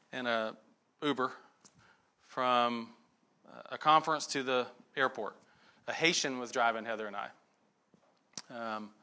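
A man's voice: mid-range voice, bright, forceful tone. A middle-aged man giving a conversational sermon, telling stories and checking in with frequent asides to the listeners.

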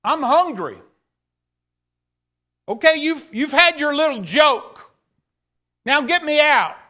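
A man's voice: very high-pitched, animated, takes it slowly, pushed and bright, pitched above the performer's own voice, exaggerated voice. A man preacher voicing a young man stuck in a pit who calls up to his brothers to let him out. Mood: pleading. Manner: exasperated, calling upward.

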